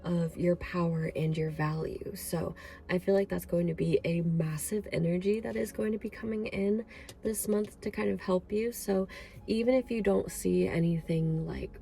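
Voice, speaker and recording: A woman's voice: on the low side, steady tone, normal speed, gravelly, warm tone. A woman giving an emotional, effusive pick-a-card tarot reading, rambling with fillers. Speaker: tarot reader.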